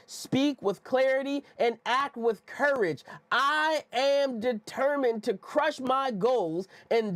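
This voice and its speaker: A man's voice: high voice, vocal fry, a little mellow, no room sound. A man hosting a motivational leadership podcast, hyped and preacher-like, repeating phrases for emphasis on a close studio mic. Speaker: podcast host. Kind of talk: energetic motivational podcast talk.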